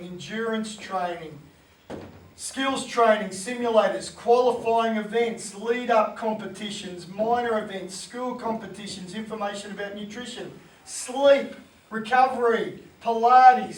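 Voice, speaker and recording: A man, a sports coach giving an animated motivational talk to coaches and acting out voices. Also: high voice, echoey room, far from the mic, low-quality recording.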